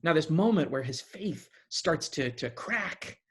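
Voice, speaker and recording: A man preaching a sermon in a conversational, animated way, often restarting his phrases. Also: fairly high pitch, unhurried, breathy edge.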